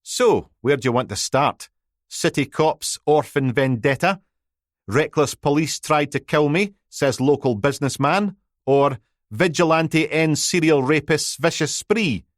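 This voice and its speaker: A smug, needling newspaper reporter, as a male narrator puts him on, sarcastic and pleased with himself, pitched a little higher. The sound is dry and close. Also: unhurried, no echo, lightly acted. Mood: smug, teasing.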